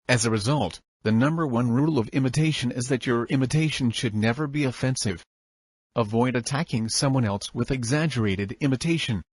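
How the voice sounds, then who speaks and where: A man reading a self-help audiobook in an even, instructive narration style. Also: mid-range voice, no room sound.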